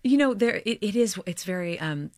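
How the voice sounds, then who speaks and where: A woman from Oklahoma, a stage actor being interviewed, chatting in an animated way full of fillers. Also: medium pitch, normal speed, dry recording, studio quality. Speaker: guest actor. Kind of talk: casual interview talk.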